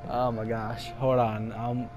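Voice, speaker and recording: A man's voice: mid-range voice, takes it slowly, music in the background. A young man giving casual let's-play commentary, exasperated, swearing and laughing at his own mistakes, recorded late at night at home. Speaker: gameplay commentator. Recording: steady background noise.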